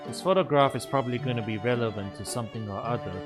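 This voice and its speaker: A man's voice: medium pitch, fast, over music. A man streaming a game, chatting casually and laughing often, poking fun at himself as he reads along. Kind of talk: casual gameplay commentary.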